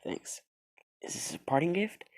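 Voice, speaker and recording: A brash, excitable young ninja hero, as a man telling the story puts him on. He blurts his lines, sometimes loud and sometimes soft, in a voice of ordinary middle pitch. It is a casual storytelling read rather than a polished performance. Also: normal speed, close to an everyday voice.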